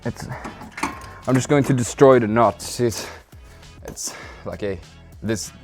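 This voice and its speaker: Over soft background music, a Swedish-born man whose first language is Swedish works on his car, casually muttering, cursing and grunting to himself for his car-project vlog. He speaks slowly in a mid-range, slightly mellow voice.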